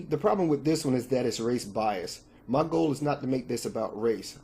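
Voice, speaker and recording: A man's voice: medium pitch, mellow. Male vlog host, casual and direct, sure of his views, mid-range voice. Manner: direct, opinionated, talks straight to viewers. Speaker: channel host.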